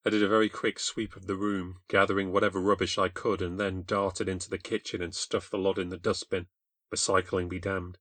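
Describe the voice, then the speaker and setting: A man's voice: low voice, level tone, brisk, fairly bright tone, dry recording. A man with a British accent narrating a first-person ghost story in a wry, confessional, scripted manner. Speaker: podcast host and narrator.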